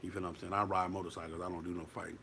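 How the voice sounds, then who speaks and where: A man's voice: low-pitched, level tone, racing, vocal fry, bright, forceful tone, slight background noise. Blunt, profane man. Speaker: motorcycle club member giving advice. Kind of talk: casual advice monologue.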